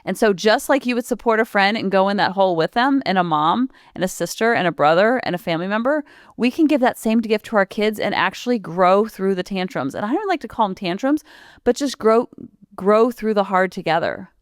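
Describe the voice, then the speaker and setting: Chatty mom podcaster in her 40s, smooth voice, dry close mic, rattles off long lists. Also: mid-range voice, expressive, a little fast, dry recording. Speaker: parenting podcast host. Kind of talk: casual solo podcast talk.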